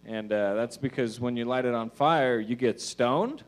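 A man doing a stand-up set in a comedy club, mumbling his asides and pushing his punchlines out loud. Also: medium pitch, moderate pace.

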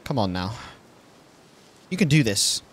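A man's voice: lowish voice, sing-song, a little slow. A man giving casual let's-play commentary, exasperated and swearing as he pleads with his game character. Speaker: gaming video host.

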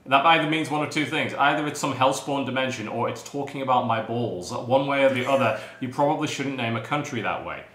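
A man with a bright, forward tone grumbles sarcastically about everything he eats. His voice rings in a roomy space with a faint hiss of noise behind it. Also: mid-range voice, brisk, hardly any pauses. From United Kingdom. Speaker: snack taster. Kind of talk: casual chat.

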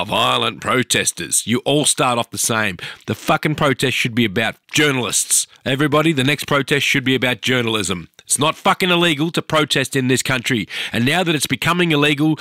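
A man's voice: mid-range voice, sharp tone, no echo, studio quality. Ranting, profane Australian man. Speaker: video commentator. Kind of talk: angry commentary over protest footage.

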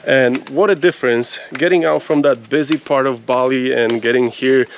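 A man's voice: medium pitch, fairly even intonation, moderate pace, a little hiss or hum, rough recording. A man talking casually as a travel vlogger on a trail near a waterfall, chatty and upbeat, laughing often, on a handheld camera. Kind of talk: casual vlog narration.

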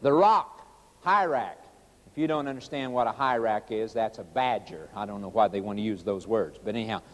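A man's voice: on the low side, brisk, in a large hall. A middle-aged man preaching a sermon, a folksy storyteller who talks to the audience as folks and acts out quotes in a raised voice. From rural United States.

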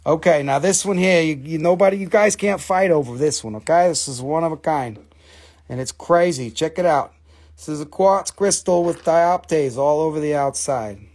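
A man hosting a live mineral sale, who gushes over each specimen in excitable, profane talk. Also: a little high, moderate pace. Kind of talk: live-stream sales talk.

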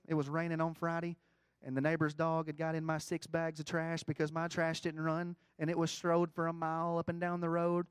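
A middle-aged man preaching a folksy sermon, swinging between quiet asides and loud, rising emphasis. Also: fairly high pitch, smooth, no echo.

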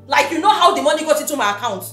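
A woman's voice: high-pitched, animated, rapid-fire, fairly bright tone, reverberant, faint music behind. An actress playing a scornful, sarcastic young woman with a Nigerian accent, scolding her idle boyfriend.

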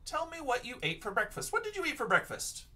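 A man's voice: very high voice, huge pitch swings, fast, bright, forceful tone, recorded from a distance. A male teacher giving an online lesson for young children, patient and encouraging, sounding out words letter by letter.

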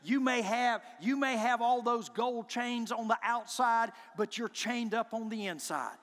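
A man preaching a sermon as pastor, building from low, intent statements to shouted declarations with repeated lines. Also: unhurried, hardly any pauses, in a large hall. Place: church sanctuary.

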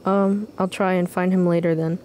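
A woman's voice: on the low side, flat delivery, moderate pace, darkish tone, slight background noise, lightly acted. A woman voicing a young girl heroine in a video game, asking questions in a wondering, raised voice. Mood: curious.

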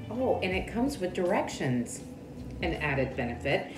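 A woman with a fairly low voice vlogs at a measured pace, her pitch swinging widely as she chats and thinks things through out loud. She occasionally drops to a whisper, and music plays behind her in a room with echo.

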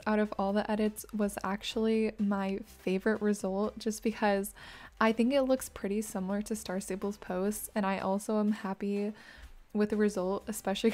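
A woman's voice: medium pitch, darkish tone. A young woman chatting casually while editing and playing a horse game, laughing often, in a tired morning voice. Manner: chatty, giggly, self-deprecating. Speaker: gaming YouTuber. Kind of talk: casual gameplay commentary. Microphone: desk USB microphone.

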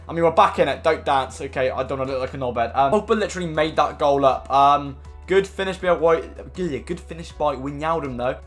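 A young man commenting on his own online football match, swearing often and swinging from frustrated mutters to excited shouts. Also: a little high, brisk, soft background music. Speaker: gaming YouTuber. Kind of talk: live gameplay commentary.

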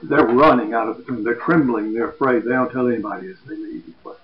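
A man retelling a Bible story as a lesson, in a plain storytelling voice that goes quiet for quoted speech. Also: mid-range voice, fast talker. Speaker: Bible teacher. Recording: echoey, dull lo-fi room.

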